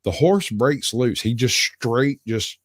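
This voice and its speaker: A man's voice: mid-range voice, animated, slow, dry recording, studio quality. A man hosting a livestream, telling rambling stories and giggling often as he goes. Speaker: livestream host. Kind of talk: casual storytelling chat.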